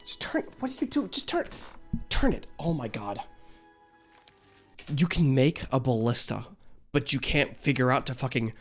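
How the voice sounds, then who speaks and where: A man hosts a reaction video, speaking casually and animatedly at a normal speed with frequent pauses. He swears freely, stammers and restarts, and jumps to a high, excited pitch when surprised, with soft music in the background.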